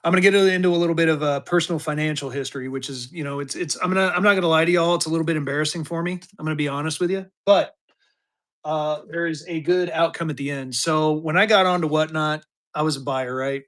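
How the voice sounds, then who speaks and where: Guy in his 50s running a live auction stream, talks loose and rambly, voice sits a bit high. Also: fast, fairly bright tone. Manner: rambling, chatty, with many restarts and fillers. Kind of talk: casual live-stream chat.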